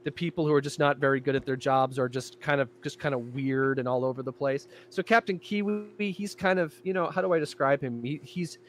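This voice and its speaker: A man in casual podcast chat, describing his own show in an animated way. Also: medium pitch, fairly quick, few pauses, a little hiss or hum. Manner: animated, jumping into character voices.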